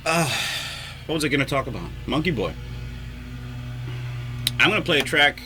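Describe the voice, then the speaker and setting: A man's voice: a little high, very animated, normal speed, pauses often, bright, forceful tone, slight background noise. A man rambling alone in a home vlog, swearing often and mocking himself as he talks to himself. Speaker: vlogger and musician. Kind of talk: rambling solo vlog talk. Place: at home, neighborhood lawnmowers outside.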